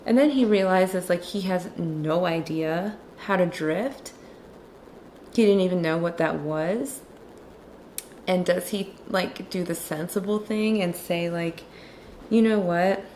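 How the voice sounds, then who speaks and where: A woman's voice: lowish voice, takes it slowly, darkish tone, slight background noise. A woman chatting casually and sarcastically about a movie while she draws, with lots of "like". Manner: sarcastic, chatty, heavy use of "like". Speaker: illustrator and movie commentator. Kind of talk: casual chat while drawing.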